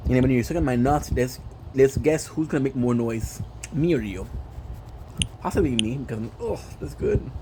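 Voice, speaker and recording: A man's voice: medium pitch, normal speed, background noise. A man chatting casually on a gaming livestream, playful and rambling, tossing in French phrases. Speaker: gaming streamer.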